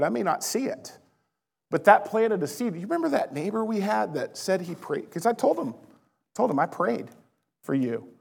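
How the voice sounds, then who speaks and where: Gravelly preacher in a reverberant hall. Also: male voice, a little high. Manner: storytelling, animated, addresses listeners as guys. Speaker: pastor. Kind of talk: sermon.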